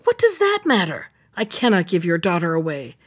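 A woman's voice: on the low side, huge pitch swings, normal speed, breathy edge, voice pushed down, heavily acted. A woman reading the lines of a bold young prince in a fairy tale, confident and courteous.

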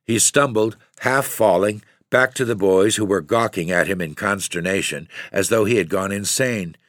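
Man, audiobook narration, very low voice, measured steady reading, dry close recording. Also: no room sound.

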